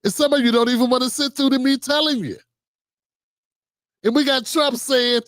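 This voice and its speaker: A man's voice: very high-pitched, steady tone, moderate pace, pauses often, fairly bright tone, no echo, studio quality. A man hosting a livestream of political commentary, reading out notes and reacting with heated sarcasm. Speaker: livestream host.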